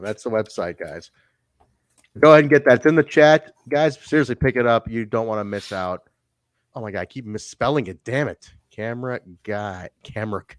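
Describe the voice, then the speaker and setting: Lively low-voiced man, dry sound. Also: dry recording. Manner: animated, swears, laughs often. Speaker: podcast co-host. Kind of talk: casual chat reviewing wrestling.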